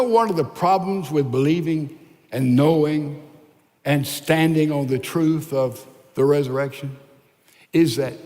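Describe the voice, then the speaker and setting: Slow older pastor preaching in a hall. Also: male voice, a little high. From United States. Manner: emphatic preaching that drops to soft, hushed lines. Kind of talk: sermon. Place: large church sanctuary. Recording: reverberant large church hall.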